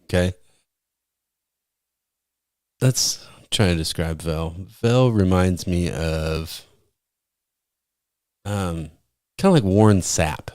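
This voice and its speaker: A man's voice: takes it slowly, long pauses, darkish tone, no echo, clean studio sound. A man co-hosting a podcast, telling profane stories in casual chat. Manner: profane, storytelling, mimics friend in high voice. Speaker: podcast co-host.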